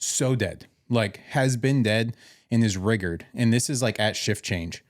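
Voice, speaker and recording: A man's voice: fairly low pitch, animated, moderate pace, no echo, studio quality. A man hosting a casual podcast, telling paramedic stories and acting out the dialogue with swearing. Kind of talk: casual storytelling chat.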